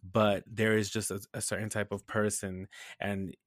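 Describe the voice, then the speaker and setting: Low-voiced man telling a profane story. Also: normal speed, no room sound, clean studio sound. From New Hampshire, USA. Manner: animated storytelling, profane, laughs often. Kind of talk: casual chat.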